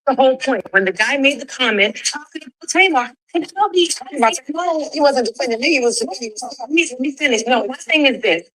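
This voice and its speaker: A woman's voice: high-pitched, expressive, brisk, a bit bright, poor audio. A woman co-hosting a heated talk about a reality show, insistent and defensive.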